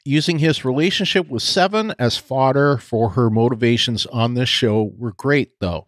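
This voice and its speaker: A male podcast co-host chats casually in a mid-range voice at normal speed, laughing often and trailing off into fillers. The recording is clean studio sound with no room echo.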